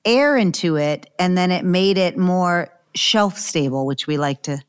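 Female podcast co-host, slightly low voice, animated casual delivery. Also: measured pace, clear, resonant tone. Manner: animated, laughs often. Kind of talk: casual chat.

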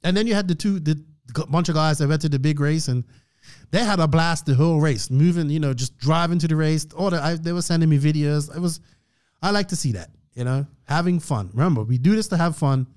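Podcast host, male, fairly high voice, preachy motivational rant with frequent throat clearing. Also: brisk, a little mellow.

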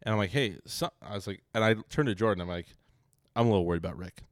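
A man's voice: fairly low pitch, rapid-fire. A young man co-hosting a podcast, ribbing his friend and acting out the quotes in a story. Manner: teasing storyteller, acts out quotes. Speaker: podcast co-host. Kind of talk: casual banter.

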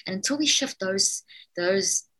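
A woman's voice: medium pitch, animated, measured pace, pushed and bright, low-quality recording. A middle-aged woman from South Africa, a neuroscientist guest in an interview, talking emphatically and acting out what parents say to children. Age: four adult children, middle-aged or older. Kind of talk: interview conversation.

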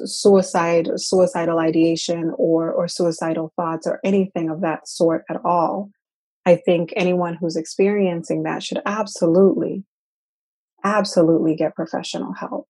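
A mother telling a personal story in an earnest, halting way, often repeating her words. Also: on the low side, darkish tone, slightly rough. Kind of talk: personal reflective talk.

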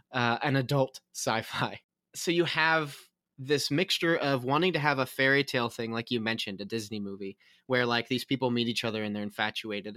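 Brief: male co-host, bright forceful tone, dry close sound, rambling and chuckling through a film recap. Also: mid-range voice, dry recording. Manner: rambling, laughs often, self-correcting. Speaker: podcast co-host. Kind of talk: casual movie review chat.

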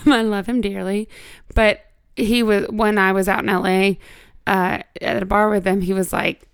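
A woman's voice: mid-range voice, level tone, moderate pace, gravelly, smooth, dry recording, studio quality. A woman co-hosting a casual chat, swearing freely, laughing often and telling stories with energy. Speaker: podcast co-host.

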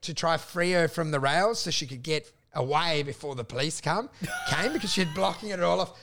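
High, gravelly man telling stories. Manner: animated storytelling, sweary, laughing. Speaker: comedian and podcast co-host. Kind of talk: casual comedic chat.

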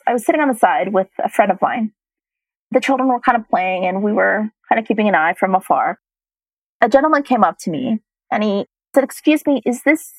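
A woman's voice: medium pitch, dry recording, low-quality recording. A middle-aged woman telling a personal story as a guest, reflective and at times choked up.

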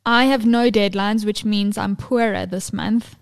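A woman's voice: mid-range voice, fairly even intonation, unhurried, clean tone. A woman co-hosting a casual parenting podcast, teasing her co-host in a dry way. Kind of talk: casual chat.

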